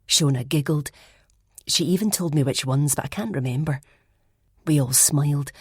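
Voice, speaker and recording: Husky, low-voiced woman narrator. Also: dry recording, studio quality. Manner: measured storytelling. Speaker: audiobook narrator. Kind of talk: scripted first-person narration.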